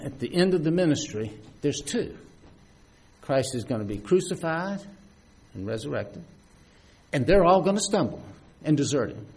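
Husky, animated preacher man. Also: fairly high pitch. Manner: lively, conversational preaching with many restarts and asides. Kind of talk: sermon.

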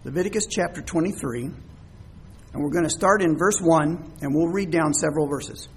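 A man's voice: on the high side, normal speed, slight background noise. A man preaching a sermon, explaining scripture words with everyday examples. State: coughing, throat troubled. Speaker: pastor.

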